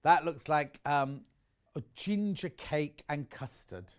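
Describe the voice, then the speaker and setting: A man's voice: a little high, animated, slow, clean tone. A man presenting on a live shopping channel, chatty and enthusiastic, rambling into personal asides between prices.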